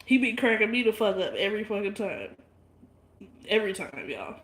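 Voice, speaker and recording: A woman's voice: medium pitch, sing-song, normal speed, a bit bright, roomy sound. A woman chatting casually and bluntly with her livestream viewers, swearing freely and laughing often. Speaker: livestream vlogger.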